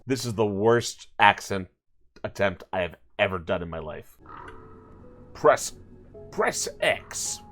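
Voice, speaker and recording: Playful gaming host with lively pitch. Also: male voice, slow, long pauses, faint music behind. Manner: playful, sarcastic, jokey asides. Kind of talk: let's play commentary.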